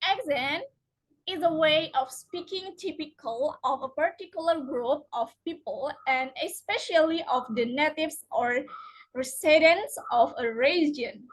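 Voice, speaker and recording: Young woman reading a lesson slowly, non-native english, leans hard on example words. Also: high voice, a bit bright, rough recording. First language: Indonesian. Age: young adult. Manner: slow, careful, stresses example words. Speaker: student presenter.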